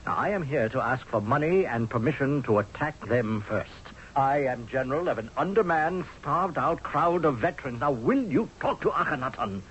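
A hard-headed, scornful military commander in a vintage radio play, voiced by a man. He talks forcefully, with sarcasm and wide swings in pitch. The recording is dull and lo-fi, like an old radio broadcast. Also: expressive, normal speed, few pauses, a little hiss or hum, natural voice. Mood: pleading. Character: blunt angry male Egyptian general. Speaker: actor. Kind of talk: 1970s radio drama acting.

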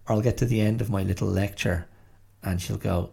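A man's voice: low-pitched, steady tone, a little fast, vocal fry, dark tone, breathy edge. A middle-aged man hosting a podcast, musing aloud in a thoughtful, hesitant way with many restarts. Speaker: podcast host. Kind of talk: reflective solo monologue.

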